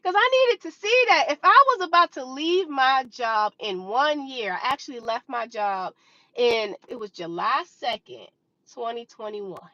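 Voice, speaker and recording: A woman's voice: sits high, lively intonation, unhurried, pushed and bright, no echo. A woman in her twenties telling a personal trading story to her viewers in a casual, dramatic way, acting out her own reactions. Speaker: vlogger sharing stock trading experience. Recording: slightly dull, dry recording.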